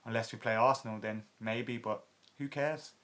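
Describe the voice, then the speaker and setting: A man's voice: medium pitch, steady tone, moderate pace, fairly bright tone. Man, late twenties, fan-channel host, casual comment Q&A, blunt, swears, lots of ums, mid-range voice. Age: 20s. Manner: chatty and blunt, many fillers, swears freely. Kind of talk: casual live chat answering viewer comments.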